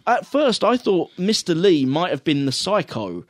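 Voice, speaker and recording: A man's voice: sits high, measured pace, no room sound, studio quality. A man co-hosting a casual podcast, riffing on a film with swearing and quoted lines. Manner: animated, swearing, quoting lines in funny voices. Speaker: podcast co-host reviewing a film. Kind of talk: casual chat.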